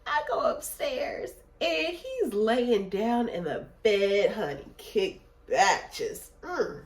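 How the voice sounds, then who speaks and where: Animated woman telling a story. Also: medium pitch, slow pace. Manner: animated, emphatic, repeats phrases for effect. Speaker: vlogger. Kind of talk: storytime vlog.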